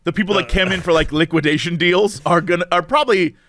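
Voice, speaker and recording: A man's voice: sits high, a bit bright, no echo. A man co-hosting a podcast, making jokes and laughing as he chimes in. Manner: jokey, quick to laugh and chime in. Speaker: podcast co-host. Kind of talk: casual podcast banter.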